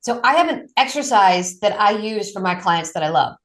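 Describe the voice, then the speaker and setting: A woman's voice: medium pitch, animated, moderate pace. A middle-aged woman, an addiction coach, telling stories in an interview and acting out her clients' voices with dramatic shifts. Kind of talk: animated storytelling in a podcast interview.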